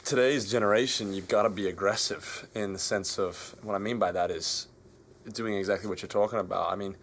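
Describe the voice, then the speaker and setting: A young man with an Australian accent speaks in a lowish voice, earnest and searching, often restarting his thoughts. His casual answers carry over a faint hum of background noise. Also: steady tone, fairly quick, a bit bright. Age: young adult. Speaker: band member guest.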